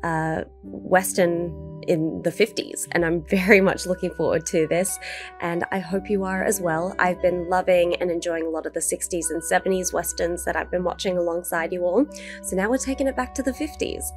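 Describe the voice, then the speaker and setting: A woman's voice: fairly low pitch, fairly even intonation, moderate pace, soft background music. A woman hosting a movie reaction video, chatty and enthusiastic with casual fillers.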